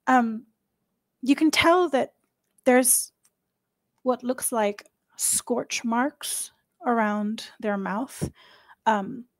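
A woman game master narrating a tabletop game in an unhurried, descriptive way. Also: on the high side, no echo.

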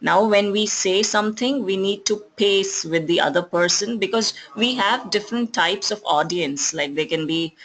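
Indian English accent, trainer, lecture, explanatory, frequent fillers, middle pitch. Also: fairly bright tone, low-quality recording. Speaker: communication skills trainer.

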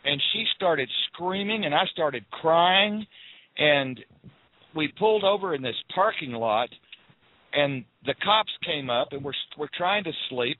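A man's voice: on the high side, dry recording. A man from the southern United States, a guest on a call-in radio show, telling a personal story earnestly and repeating phrases for emphasis. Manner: earnest, repetitive, quotes people in raised voices. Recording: tinny phone line.

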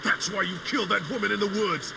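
Brief: a steady, tough male survivor, gravelly, noisy game audio. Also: high-pitched, quick pace. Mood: grim.

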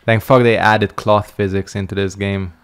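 A man's voice: fairly low pitch, level tone, moderate pace, clear, resonant tone. A male streamer giving casual gameplay commentary, making wry jokes and yawning as he plays. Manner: wry, joking asides while playing. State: sleepy, yawning.

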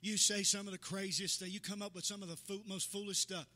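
Man, pastor, church sermon, bright tense voice, fairly high, long hall reverb. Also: flat delivery, fast. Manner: preaching with rising fervor, acting out quoted voices; calls out to congregation members by name. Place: church sanctuary.

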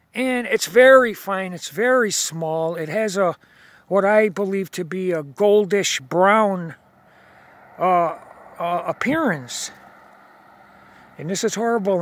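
Standing by a road outdoors at night, a video blogger talks to his viewers through the phone camera he holds while filming. He is high-voiced, slow and a bit bright, pressing his points insistently, repeating himself and stammering on restarts, with no room sound.

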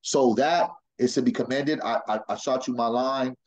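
Animated, street-casual man on a call. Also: medium pitch, normal speed, dull audio. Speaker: panelist. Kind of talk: panel discussion on a video call.

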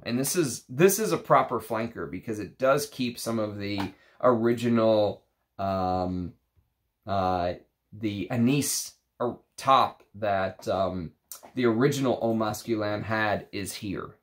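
A man's voice: on the low side, measured pace. A man casually reviewing perfumes from his collection, gushing enthusiastically with restarts and fillers.

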